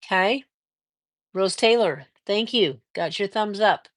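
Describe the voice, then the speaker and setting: Reading out comments from her viewers, an older woman running a relaxed quilting livestream answers each with friendly encouragement and long, stretched fillers. Her mid-range voice has studio quality with no room sound.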